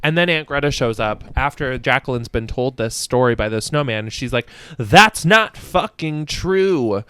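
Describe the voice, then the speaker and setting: A man's voice: medium pitch, fairly even intonation, a little fast, hardly any pauses, fairly bright tone, smooth, no echo. A man hosting a podcast, reviewing a book in casual chat, profane and sassy, rambling with many fillers and laughs. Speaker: podcast host.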